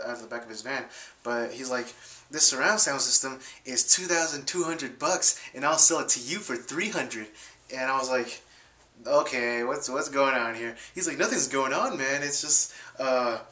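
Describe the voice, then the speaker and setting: A man's voice: mid-range voice, sharp tone, roomy sound. A young man telling a story casually to his viewers, full of fillers and restarts, acting out quotes in a raised voice. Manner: rambling, many fillers and restarts. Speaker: vlogger.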